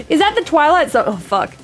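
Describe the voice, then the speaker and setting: A woman's voice: extremely high pitch, very animated, a little slow, soft background music. A woman streamer joking and chatting casually with her viewers. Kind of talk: casual live-stream chat.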